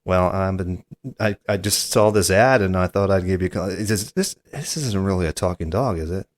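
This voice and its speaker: Deep-voiced hesitant male podcast host. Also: moderate pace, no room sound. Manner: hesitant, stammering, skeptical. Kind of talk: comedy podcast prank call.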